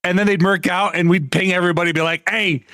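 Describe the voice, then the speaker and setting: A high-pitched man talks fast in a dry, studio-quality recording. On a live stream, he's telling gaming stories in casual chat, animated throughout, swearing often and laughing between lines.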